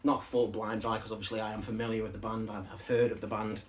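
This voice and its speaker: A man's voice: lowish voice, flat delivery, fast, slight background noise. A man chatting casually to camera as he unboxes records, rambling into side stories and asides. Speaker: record collector showing a parcel of vinyl albums.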